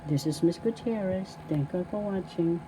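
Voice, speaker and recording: A woman from the Philippines teaching a language lesson, sounding words out slowly syllable by syllable. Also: on the low side. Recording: clear vehicle noise behind.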